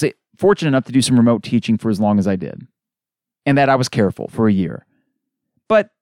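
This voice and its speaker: A man hosting a solo sports podcast, ranting in an exasperated, animated way. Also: on the high side, dry recording, clean studio sound. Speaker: podcast host.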